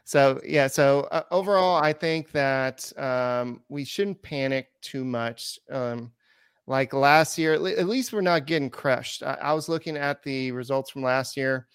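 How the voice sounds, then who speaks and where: A man with a smooth, resonant voice co-hosts a sports podcast, recorded dry and close. He talks in a playful, loose way, often pausing on fillers. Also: medium pitch, no echo. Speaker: podcast co-host. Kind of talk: casual sports podcast chat.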